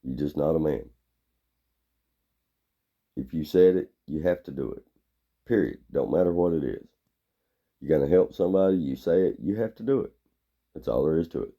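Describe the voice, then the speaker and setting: A blunt, gruff man delivers a rambling opinion monologue. His voice sits extremely low, with a gravelly fry and a dark, mellow tone. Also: normal speed, long pauses.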